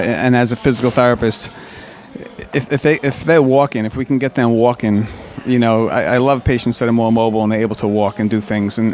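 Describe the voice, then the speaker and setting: Chatty male physical therapist, halting restarts. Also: medium pitch. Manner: rambling, warm storytelling with frequent restarts and fillers. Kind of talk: conversational interview.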